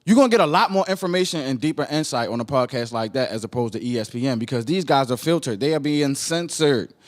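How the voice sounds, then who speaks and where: A man with a Baltimore accent hosting a podcast, reacting to a video in animated casual commentary, repeating himself and asking "right?". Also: medium pitch, fast talker. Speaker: podcast host.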